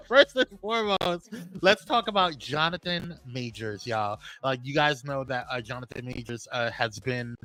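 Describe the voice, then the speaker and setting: A man's voice: mid-range voice, dry recording, poor audio. A man with a New York accent co-hosting a live show, chatting casually, greeting viewers and reading out news. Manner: animated, shouts out viewers by name. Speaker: podcast co-host.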